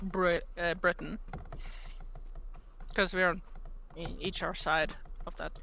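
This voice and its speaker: A woman from Norway takes her time, speaking slowly and thinking aloud. Her voice is bright and clear, and she answers the questions in a modest, casual way. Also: on the low side, level tone, slight background noise. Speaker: guest artist.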